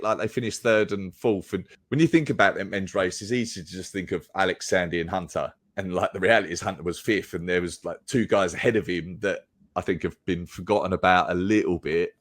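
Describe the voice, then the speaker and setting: An English man with a deep voice, chatting casually as a podcast guest, rambling with frequent restarts. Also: dry recording. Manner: relaxed, rambling casual chat with many restarts. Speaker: podcast guest and race commentator.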